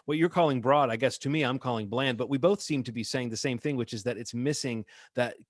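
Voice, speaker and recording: A man's voice: mid-range voice, fast, no echo, studio quality. A man co-hosting a casual movie review podcast, opinionated and rambling, drifting into asides. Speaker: podcast co-host.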